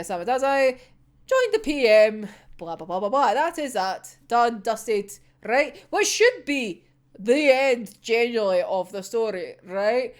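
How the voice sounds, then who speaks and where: A woman's voice: fairly high pitch, clear, resonant tone. A young woman chatting casually as a manga reaction vlogger, sweary and dramatic, laughing often and rambling with fillers. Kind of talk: casual chat.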